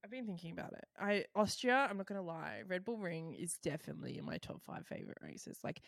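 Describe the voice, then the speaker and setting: A woman co-hosting a casual podcast chat, excitable and full of quick asides. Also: fairly low pitch, vocal fry, no echo, clean studio sound. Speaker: podcast co-host.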